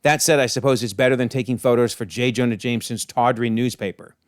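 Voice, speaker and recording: A man reading aloud the lines of a disapproving older woman, a sharp-tongued in-law. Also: medium pitch, fairly even intonation, fast talker, no echo, studio quality, lightly acted. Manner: read aloud from comic panels, snippy.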